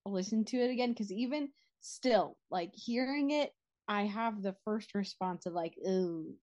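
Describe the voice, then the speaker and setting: A young woman chats in a reflective way, slipping in quick asides as she thinks aloud. Her voice sits in a middle pitch range. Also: a little mellow, lo-fi sound. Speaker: podcast co-host. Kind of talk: casual chat.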